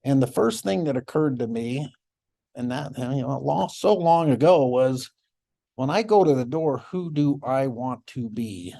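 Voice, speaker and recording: A middle-aged man, a former child welfare caseworker, telling stories in a conference talk, reflective, with soft laughs and restarts. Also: mid-range voice, animated, unhurried, creaky.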